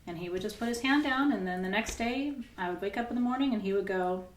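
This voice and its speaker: A middle-aged woman coaching a group in a loose, candid way, breaking into laughter and swearing as she tells a personal story. Her voice sits at a middling pitch. The room adds noticeable echo. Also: quick pace, slight background noise. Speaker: spiritual coach. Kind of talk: casual coaching session.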